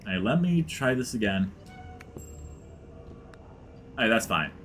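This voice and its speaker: A man's voice: lowish voice, sing-song, slow pace, a bit bright, faint music behind. A man giving casual gameplay commentary as a let's play gamer, rambling with many fillers and dropping into mutters. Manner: rambling, heavy use of like, dips into mutters.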